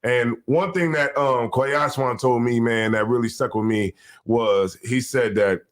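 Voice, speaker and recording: A man's voice: mid-range voice, unhurried. Hype-talking man hosting a live podcast. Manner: hype roll-call, repetitive fillers. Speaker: host. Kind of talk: casual live podcast chat.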